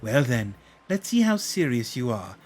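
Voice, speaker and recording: A man reads as a regal young chief, formal and measured. The voice rises and falls in a lively way. She fits a fantasy game. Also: mid-range voice, faint music behind.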